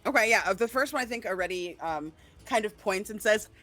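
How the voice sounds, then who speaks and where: An excitable woman describes her character's moves at the table in a chatty, eager way. Her pitch rises and falls a lot. Faint music plays behind her. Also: fairly quick. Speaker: player. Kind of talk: casual tabletop play.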